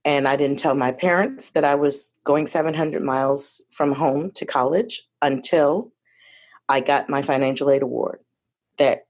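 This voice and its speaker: Lower-pitched woman telling her story. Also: unhurried. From Detroit, USA. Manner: lively, chatty storyteller with asides. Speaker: guest. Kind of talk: casual storytelling conversation.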